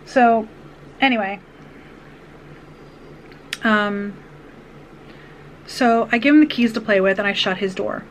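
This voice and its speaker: A woman's voice: medium pitch, takes it slowly, long pauses, slight background noise, low-quality recording. Earnest woman vlogger telling a personal story. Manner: earnest, rambling retelling with restarts and asides.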